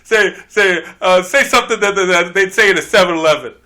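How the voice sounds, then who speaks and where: A man's voice: sits high, fairly quick, pushed and bright. Sex: man. Role: podcast guest host. Style: casual comedic chat. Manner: rambling, brash, laughing.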